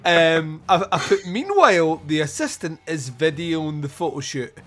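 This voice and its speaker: A man hosting a podcast, reviewing a film in casual chat, animated, swearing freely and laughing often. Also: a little high, normal speed. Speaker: podcast host.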